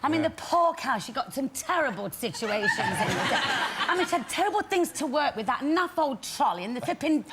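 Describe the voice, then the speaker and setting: A bubbly woman with a high voice chats and giggles through her stories as a chat show guest. Studio noise stays clearly audible behind her. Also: sing-song, fairly quick, hardly any pauses. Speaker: actress guest.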